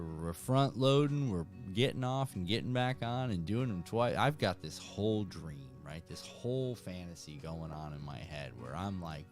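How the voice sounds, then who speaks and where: Low-voiced man telling a lively story. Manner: animated, acts out voices in anecdotes. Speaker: fishing channel host. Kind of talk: casual storytelling to viewers.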